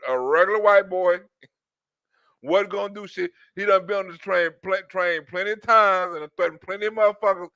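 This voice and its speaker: A man's voice: high-pitched, pushed and bright, no room sound. A man giving a profane comedic reaction rant, telling the story with mock outrage. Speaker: commentator.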